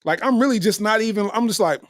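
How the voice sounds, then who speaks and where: A man's voice: high voice, fast, dry recording, clean studio sound. A middle-aged man hosting a comedy podcast, telling stories in a loose, slangy way and breaking into laughter between lines.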